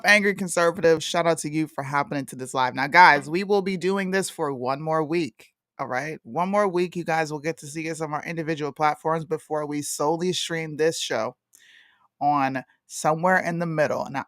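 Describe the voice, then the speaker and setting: A woman's voice: low voice, moderate pace, a bit bright, no echo, clean studio sound. A woman co-hosting a casual livestream chat show, joking and laughing often and making plain announcements to viewers. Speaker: co-host.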